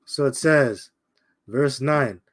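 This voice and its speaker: Blunt streetwise man preaching. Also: mid-range voice. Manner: streetwise, confrontational, addresses listeners as "man"; repeats points, slows down for emphasis. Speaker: bible teacher. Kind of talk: informal scripture commentary.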